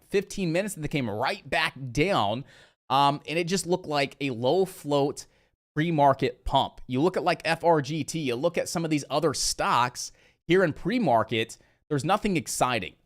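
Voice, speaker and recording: A man from Indiana hosting a casual live trading stream, chatty and energetic, talking straight to his viewers. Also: fairly high pitch, unhurried.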